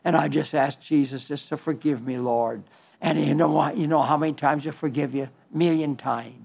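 A man delivers an earnest sermon, often stopping to restart his phrases and quoting scripture with emphasis. His voice sits a little high and carries a gravelly fry. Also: fairly even intonation, moderate pace, a little mellow. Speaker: preacher.

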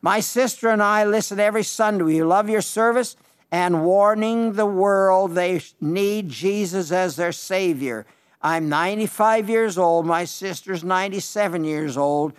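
A man's voice: fairly high pitch, measured pace. An older man preaching on the radio, answering listener letters as folksy, emphatic stories with repeated phrases.

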